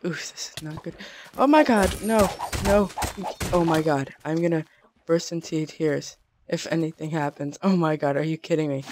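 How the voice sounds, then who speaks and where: Jittery woman narrating a game. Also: low-pitched. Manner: jittery, exclaims often, talks to viewers. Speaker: let's play host. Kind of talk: gameplay commentary.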